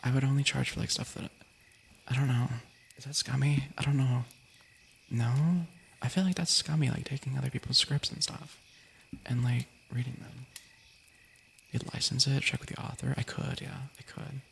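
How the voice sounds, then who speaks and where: Here a young man whispers his way through an ASMR stream, reading stories aloud and chatting, giggly and playful, often cutting himself off. He speaks at normal speed with a steady, creaky, mid-range voice. The audio carries a little hiss or hum.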